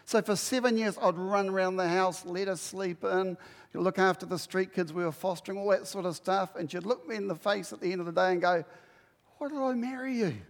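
With a high voice and a fairly quick pace, this middle-aged preacher is heard with a long reverb tail. His sermon features lively storytelling, and he acts out the dialogue with lots of energy.

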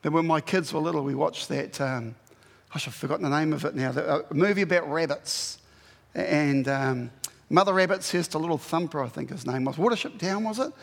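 A man's voice: fairly high pitch, fairly quick, vocal fry, long reverb tail. A man preaching a sermon in a blunt, exhorting way, giving plain commands to his listeners.

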